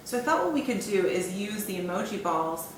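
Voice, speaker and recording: Calm, encouraging woman school counselor. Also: mid-range voice, brisk. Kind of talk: classroom role-play lesson. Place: office. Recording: echoey room with background noise.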